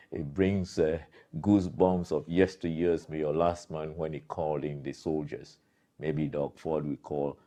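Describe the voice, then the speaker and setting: A man's voice: rumbling low, dark tone. A man delivering an emphatic, preachy political commentary monologue as the host of his own show.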